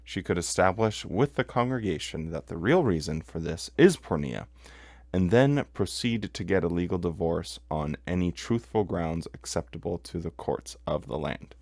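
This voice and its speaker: A man's voice: low-pitched, animated, normal speed, a little mellow, dry recording. A man hosting a commentary show, reading quoted passages aloud and then arguing against them with heated emphasis. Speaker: podcast host. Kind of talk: commentary on religious texts.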